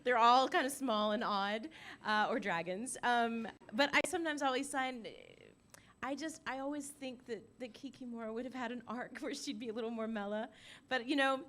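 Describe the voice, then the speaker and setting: A woman's voice: fairly high pitch, moderate pace, fairly bright tone. A woman voice actor on a live panel, speaking modestly and wryly. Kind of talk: casual panel talk.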